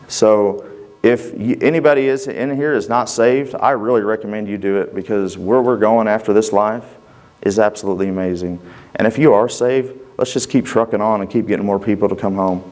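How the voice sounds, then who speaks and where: A man's voice: on the low side, steady tone, fairly quick, a little mellow. A man, a father, giving a personal testimony to a congregation, telling his story casually in plain, folksy speech and acting out the conversations. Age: adult father. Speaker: church member giving a testimony.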